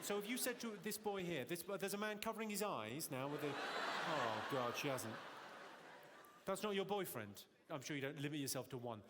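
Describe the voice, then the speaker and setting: Brief: high-pitched deadpan male comic, long hall reverb, loud noise. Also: moderate pace. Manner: deadpan, teasing the audience. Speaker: stand-up comedian. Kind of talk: stand-up comedy with crowd work. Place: large theatre in Glasgow.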